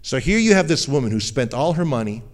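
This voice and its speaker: A male pastor giving a conversational sermon, acting out what people say and dropping to a low, quiet voice for emphasis. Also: very animated, fast.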